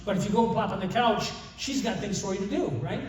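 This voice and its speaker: A man's voice: sits high, quick pace, a little mellow. An older man giving a humorous, rambling retreat talk to a group of men, telling a family story and then joking about marriage. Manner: humorous storytelling with many restarts. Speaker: conference speaker. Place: retreat meeting room. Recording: distant, very echoey room mic.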